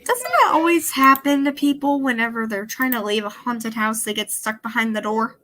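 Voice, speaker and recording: A woman's voice: a little high, lively intonation, moderate pace, bright, forceful tone, slight background noise. A woman with a Southern country accent, chatting casually as she reacts to her old videos and explains things as she goes. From American South, countryside.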